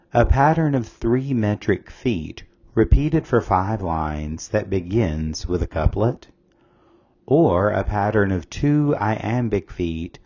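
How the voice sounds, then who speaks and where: A man reading a scripted test-prep lesson as a tutor, reading questions and answer options aloud in a measured way. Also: deep voice, darkish tone, muffled recording.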